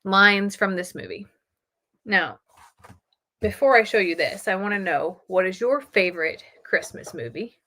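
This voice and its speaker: A middle-aged woman hosting a casual live stream, chatting excitedly with her viewers. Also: mid-range voice, measured pace.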